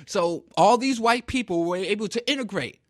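A man's voice: high-pitched, expressive, moderate pace, no room sound, clean studio sound. A man from Kansas City giving an impassioned talk, emphatic and preachy, with rhetorical questions. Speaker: speaker.

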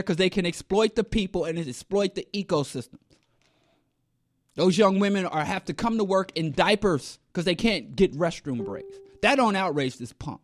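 High-voiced man ranting sarcastically. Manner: emphatic, sarcastic, streetwise slang. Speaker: commentator. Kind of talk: ranting political monologue.

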